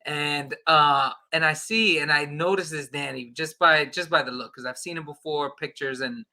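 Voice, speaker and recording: A man, a podcast guest, telling an excited casual anecdote and acting out the dialogue. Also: on the high side, moderate pace.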